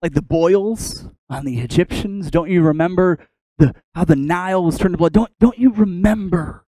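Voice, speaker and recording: Desperate prophet leader, raised high and urgent, as a preacher acts him out. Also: male voice, normal speed, warm tone, dry recording, close to an everyday voice, poor audio. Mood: pleading. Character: distraught pleading male prophet leader.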